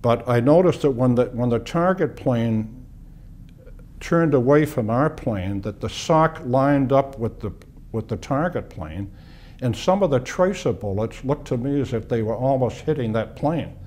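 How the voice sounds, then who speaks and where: A Boston war veteran in his eighties shares memories in an oral history interview, his mid-range voice mellow, soft, and lively in intonation. He reminisces unhurriedly, pausing and restarting as details come back to him.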